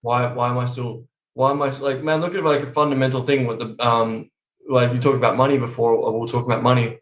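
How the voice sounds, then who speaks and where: A man's voice: medium pitch, flat delivery, fast, lo-fi sound. A man chatting on a podcast in a blunt, emphatic way, swearing constantly. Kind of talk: casual podcast chat. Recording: roomy echo.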